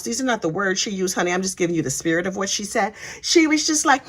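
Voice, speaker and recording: A woman's voice: fairly high pitch, very animated, brisk, pushed and bright. A woman giving a sassy, chatty, casual recap of a trial, acting out the people she quotes. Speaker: true crime commentator. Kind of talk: casual true crime recap.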